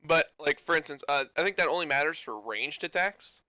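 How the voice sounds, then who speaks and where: A man's voice: fairly high pitch, lively intonation, brisk, sharp tone, no room sound, studio quality. A man from Canada running a tabletop game, talking casually with swearing and rambling rulings. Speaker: game master.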